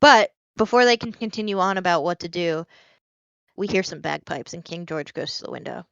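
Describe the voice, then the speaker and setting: Podcast co-host, female, smooth clear voice, rambling chatty recap, dry close sound, slightly dull audio. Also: on the low side, lively intonation, brisk, a bit bright, no room sound. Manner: rambling plot recap with many fillers. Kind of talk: casual chat.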